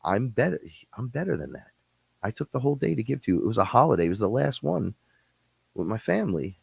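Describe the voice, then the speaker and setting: A man's voice: medium pitch, big pitch swings, gravelly, darkish tone, breathy edge, no room sound. Blunt, profane man ranting on a podcast. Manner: blunt, profane, fast-talking, mimics others. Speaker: podcast guest-host. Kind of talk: casual rant.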